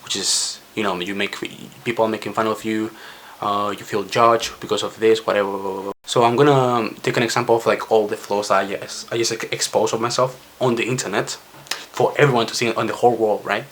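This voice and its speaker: A man's voice: fairly low pitch, fairly even intonation, a little fast, a bit bright, a little hiss or hum. Young Spanish-accented man who stutters. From Spain. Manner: stuttering, with frequent restarts. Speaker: vlogger. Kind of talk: casual talk to camera.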